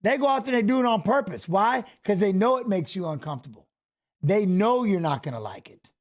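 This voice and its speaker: A man co-hosting a casual live-stream watch-along, excitable and joking, laughing often. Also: sits high, fairly quick.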